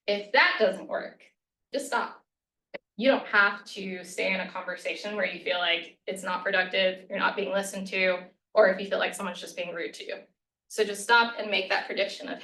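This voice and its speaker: Bright-voiced woman presenting in an echoey room. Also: medium pitch, fairly even intonation, moderate pace. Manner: conversational, frequent "right?" and "um", acts out sample phrases. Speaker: workshop presenter. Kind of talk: lunch-and-learn presentation. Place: college meeting room. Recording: echoey room, voice a bit far from the mic.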